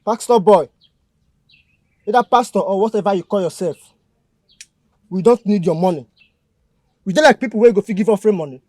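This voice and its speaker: A hostile kidnapper snaps out dismissive lines in a Nigerian Pidgin accent. His voice is fairly high and curt. The sound is dry and close. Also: fairly quick, long pauses, darkish tone, no echo. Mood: scornful. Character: scornful male kidnapper, blunt and hostile. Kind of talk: Nollywood film acting.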